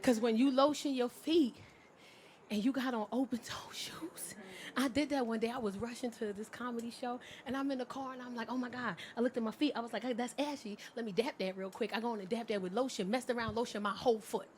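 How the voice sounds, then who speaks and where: A woman performing stand-up comedy, telling brash stories with loud bursts on a comedy club stage. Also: fairly high pitch, steady tone, fairly quick.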